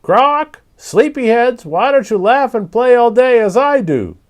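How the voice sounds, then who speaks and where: A man voicing a loud, brash, mischief-making male parrot in a storybook reading, squawking and teasing. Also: extremely high pitch, very animated, a little slow, voice pushed up, exaggerated voice.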